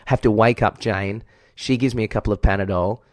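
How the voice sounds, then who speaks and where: An Australian man co-hosting a podcast tells a long story in casual chat, candid, profane and self-deprecating. His voice is fairly low with fairly even intonation and a fairly quick pace, recorded clean in a studio with no room sound.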